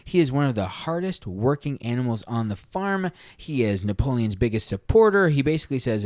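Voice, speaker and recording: Man, podcast host, casual book review, earnest and conversational, middle pitch, dry close sound. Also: very animated, fairly quick, hardly any pauses, a little mellow, no echo. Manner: earnest, conversational, retells a story with feeling.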